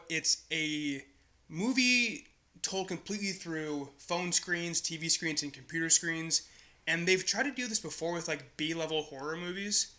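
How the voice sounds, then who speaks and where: A man's voice: on the high side, bright, forceful tone. A young man co-hosting a podcast, chatting casually and gushing with enthusiasm about movies. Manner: enthusiastic, gushing, laughs often. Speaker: podcast co-host. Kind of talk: casual movie review chat.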